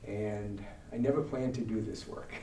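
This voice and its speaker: An older man with a New York accent tells stories to a group and acts out the other people's voices. His voice is mellow and dark. It sounds echoey and a little far from the mic, as if recorded in a church hall. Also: on the low side, steady tone, normal speed, slight background noise. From Brooklyn, New York. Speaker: guest speaker. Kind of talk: storytelling talk.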